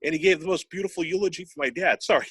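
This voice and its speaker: Rapid-fire and fairly high-pitched, with a slightly bright tone, a male sports broadcaster recounts personal stories in an interview and gets choked up emotionally at times. The recording is rough, with slight background noise.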